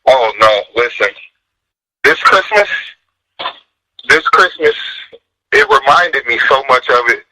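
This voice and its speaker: A man hosting a radio talk show, telling stories in an animated way and laughing as he goes. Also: mid-range voice, slow, long pauses, noisy background. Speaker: radio host. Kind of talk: casual radio chat.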